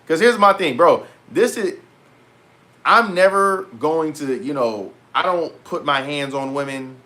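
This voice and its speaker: A young man vlogging in a casual, animated rant to his viewers, full of slang and repeated asides. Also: a little high, a little slow. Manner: animated, heavy slang, repeats "bro" and "petty". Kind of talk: casual storytelling rant to camera.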